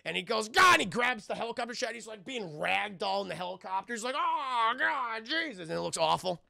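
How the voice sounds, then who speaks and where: Excitable, gravelly streamer man. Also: high voice, fast, no room sound. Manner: profane, excitable, laughing, addresses chat. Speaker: streamer and film reviewer. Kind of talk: live-streamed spoiler film review.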